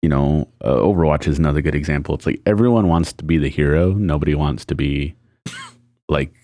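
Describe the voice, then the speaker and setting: A man with a very low voice chatting on a gaming podcast. He rambles along with plenty of "like" and "you know", swearing casually as he makes his point. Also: a little fast, dark tone. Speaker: podcast co-host. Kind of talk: casual chat.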